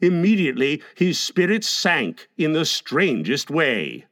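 A man narrating a classic children's story in a measured, expressive way. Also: on the high side.

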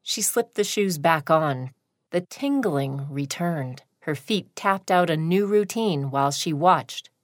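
A woman narrating a short story in a slow, deliberate reading. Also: sits low, expressive, no echo, studio quality.

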